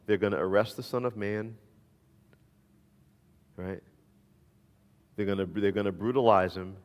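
A man voicing a calm, blunt male teacher figure who speaks low and matter-of-fact. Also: unhurried, big-room sound, natural voice.

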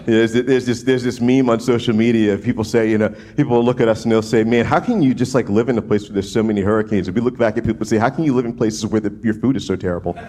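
A man from New Orleans preaching a sermon in a casual, animated way, often restarting phrases and checking in with "right?". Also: lowish voice, fast, few pauses. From New Orleans, USA. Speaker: pastor.

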